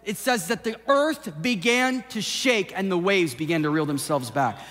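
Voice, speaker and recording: A male pastor preaching a sermon, swinging from impassioned shouting down to a hushed, intimate delivery. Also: high-pitched, expressive, normal speed. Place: church sanctuary. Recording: long hall reverb with soft music behind.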